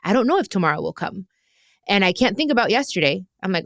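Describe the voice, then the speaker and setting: A woman's voice: mid-range voice, very animated, fast talker, no room sound, studio quality. A woman hosting an advice podcast, talking earnestly and with emotion to listeners. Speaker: podcast host giving advice. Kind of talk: heartfelt advice chat.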